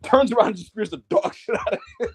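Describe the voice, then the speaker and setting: Animated man recapping wrestling. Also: fast talker, slightly rough. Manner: animated, acts out wrestlers' lines in high voices. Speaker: wrestling podcast co-host. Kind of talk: casual show recap chat.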